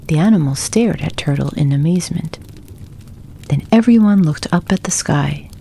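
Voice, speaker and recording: A woman reads a bedtime storybook in a soft, gentle, hushed way. Her voice is low and mellow, with a husky texture. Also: expressive, normal speed. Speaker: narrator.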